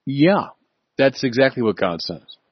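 A man delivers a sermon with a husky, slightly breathy voice, leaning hard on key words and slowing down to stress them. He sounds close and dry, with a dull, muffled top end. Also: mid-range voice, very animated, dry recording. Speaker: preacher.

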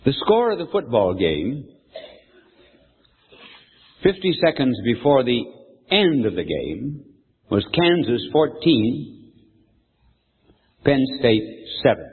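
A man's voice: mid-range voice, sing-song, slow, long pauses, breathy edge. An older man preaching a sermon, telling a folksy story and quizzing his audience. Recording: echoey hall, tinny phone-like sound.

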